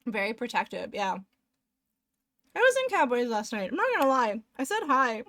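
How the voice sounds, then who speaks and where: A woman's voice: a little high, sing-song, brisk, fairly bright tone, dry recording. A young woman streamer chatting casually with viewers in a rambling way, eating between sentences, close to a desk microphone. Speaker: live streamer.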